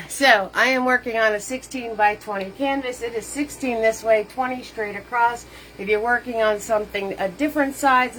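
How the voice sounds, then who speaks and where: A woman's voice: fairly high pitch, a bit bright, poor audio. Bubbly woman teaching a live painting class. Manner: bubbly, greets viewers by name with pet names, laughs often; playful made-up words. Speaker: painting instructor hosting a live paint party. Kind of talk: live-stream painting lesson.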